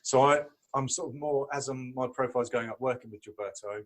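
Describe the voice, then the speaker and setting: Fast-talking man telling stories. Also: mid-range voice. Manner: chatty storyteller, laughs often. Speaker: podcast guest. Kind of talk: casual chat.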